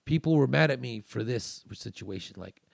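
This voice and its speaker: A man's voice: mid-range voice, expressive, normal speed, gravelly, dry recording, studio quality. A male comedian telling a rambling story in casual chat, restarting sentences and acting out what others said. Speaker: comedian guest.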